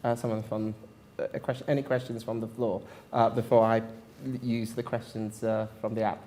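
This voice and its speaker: A man moderating a conference panel, speaking haltingly with many fillers and repeated words. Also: lowish voice, level tone, warm tone, slight background noise.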